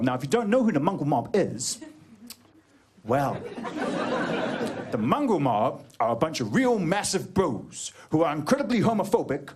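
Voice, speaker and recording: A man's voice: on the high side, sing-song, moderate pace, a little mellow. A man with a New Zealand accent performing a stand-up comedy set, telling jokey stories and slipping into put-on voices. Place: comedy venue stage before a live audience. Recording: crowd laughter and background noise on a live recording. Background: audience laughter.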